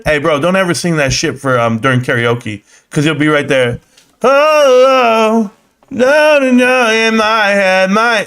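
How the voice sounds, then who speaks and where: A young man hosts a live stream, slangy and joking as he reads the chat out loud. His voice sits a little high for a man.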